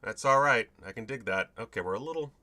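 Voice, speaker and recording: A man's voice: medium pitch, lively intonation, quick pace, bright, forceful tone. Rambling, swearing male video host. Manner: rambling, swears freely, self-mocking. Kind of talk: casual home video chat.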